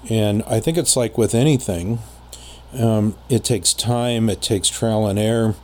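A man telling a personal story in casual conversation as a podcast guest, rambling with many pauses and fillers. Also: lowish voice, a little mellow, a little hiss or hum.

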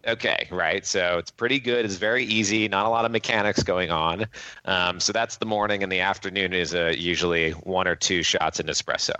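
Deep-voiced joking man in a dry room. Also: brisk, no room sound, dull audio. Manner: jokey, animated, laughs often. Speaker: guest, tech company CEO. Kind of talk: casual interview chat.

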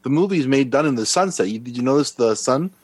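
Male guest in casual film talk, rapid, husky, jumps in with quick remarks. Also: mid-range voice, expressive, dry recording. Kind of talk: casual movie discussion.

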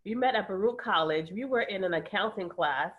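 A woman in her forties, a life coach and guest, talking confidently and backing up the host with quick affirmations. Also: mid-range voice, animated, dull audio. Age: 40s. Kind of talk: casual chat.

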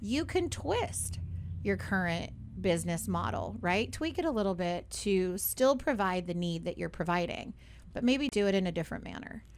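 Young woman, radio host, chatty, upbeat, studio talk, mid-pitched voice, frequent "right?". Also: expressive, normal speed, slight background noise.

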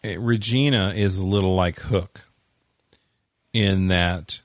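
A man with a very deep voice co-hosting a casual recap podcast. He speaks in a halting, easygoing way, trailing off and picking up his thoughts, and the sound is dry and close to the mic. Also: no room sound. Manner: halting, relaxed, trails off mid-sentence. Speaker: podcast co-host. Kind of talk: casual chat recapping a TV episode.

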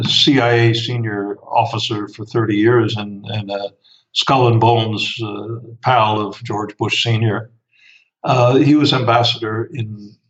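A man answering interview questions at length, pausing often with fillers and restarts. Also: mid-range voice, dull audio. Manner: hesitant, many fillers and restarts. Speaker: interview guest, author.

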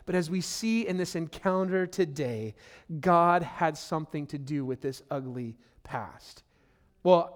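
A man preaching a sermon as a pastor, earnest and emphatic, repeating key phrases and speaking to listeners directly as "friend.". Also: on the high side.

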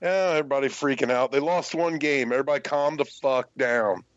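A man's voice: medium pitch, fairly quick, no echo, lo-fi sound. A man from Indiana, a guest on a podcast, trading profane, sardonic jokes in casual commentary banter. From Indiana, USA.

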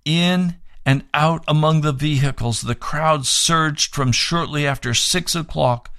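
A man's voice: a little high, unhurried, fairly bright tone, dry recording, studio quality. A man preaching on the radio, reading aloud from a book and making fervent, pleading appeals for donations.

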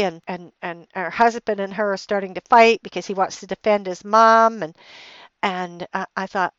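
A woman's voice: medium pitch, moderate pace, clear, resonant tone, no room sound. A middle-aged woman hosting a podcast, telling a personal story in a rambling way with lots of restarts and fillers, getting heated and emphatic. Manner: heated and emphatic when retelling anger. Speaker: podcast host. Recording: dull, lo-fi dry recording.

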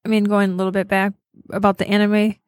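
A woman's voice: mid-range voice, completely flat delivery, fast talker, a little mellow, dry recording, studio quality. A woman in casual podcast chat, rambling and thinking aloud as she talks.

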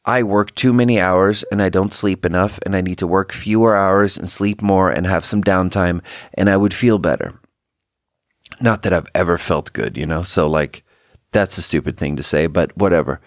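A low-voiced man with a gravelly, creaky tone talks through a solo podcast monologue. He rambles and turns inward, often self-critical, as he reflects on his work as a manager. The sound is close and dry, with no room echo. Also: moderate pace. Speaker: podcast host; team manager. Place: indoors at home by an open window.

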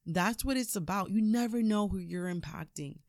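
A woman hosting a podcast, giving an energetic, preachy motivational talk and laughing often. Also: mid-range voice, normal speed, no echo, studio quality. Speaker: podcast host, motivational speaker.

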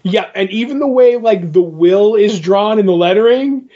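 A man's voice: sits high, normal speed, dark tone. Rambling man retelling a story, lo-fi. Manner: rambling, acts out quoted lines. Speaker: podcast co-host. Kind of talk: casual chat, retelling a comic book. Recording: dull lo-fi recording.

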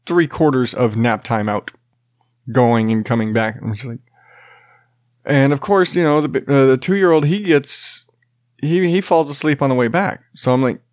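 A man's voice: mid-range voice, dry recording, clean studio sound. A tired man in his thirties, a podcast host and father, chatting casually, rambling and restarting sentences, laughing often and swearing casually. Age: 30s. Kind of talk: casual chat.

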